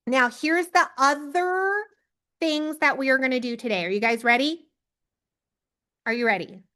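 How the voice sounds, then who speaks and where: A woman leading a team training on a video call, giving an energetic pep talk and calling on people by name. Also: high voice, normal speed. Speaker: team leader coaching recruits.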